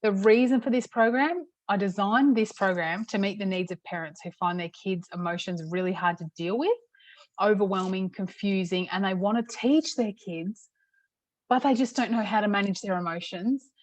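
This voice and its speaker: A middle-aged woman, a parenting coach, teaching in a casual, chatty way with many "okay"s and a slightly hoarse throat. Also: medium pitch, moderate pace, dry recording. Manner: chatty, repeats "okay" often. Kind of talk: casual talk-to-camera teaching.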